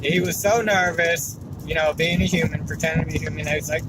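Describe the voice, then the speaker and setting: A man's voice: on the high side, a little fast, few pauses. Wry male comic in a noisy car. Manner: wry, conversational storytelling. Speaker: stand-up comedian. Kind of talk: stand-up set. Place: car, while driving. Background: car and road noise.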